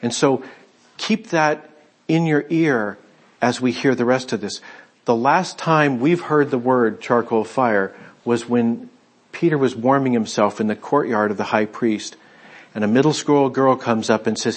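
A man preaching a conversational sermon, retelling a scripture story and voicing its speakers in quick asides. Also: medium pitch. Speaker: pastor.

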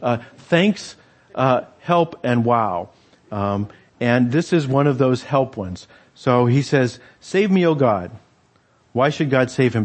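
A man's voice: medium pitch, expressive, slow pace, pauses often. A man preaching a conversational sermon, reading scripture aloud and explaining it with wry asides and frequent hesitations. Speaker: pastor.

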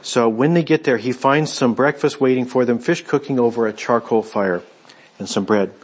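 Husky-voiced male pastor preaching. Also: medium pitch, moderate pace. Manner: conversational storytelling, retelling scripture with quoted voices. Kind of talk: sermon.

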